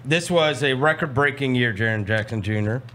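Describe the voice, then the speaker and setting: A man's voice: mid-range voice, moderate pace, slight background noise. A man hosting a sports talk show in a studio, teasing his guests and bossily running the segment in casual chat. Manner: animated, bossy and teasing, runs the segment. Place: broadcast studio.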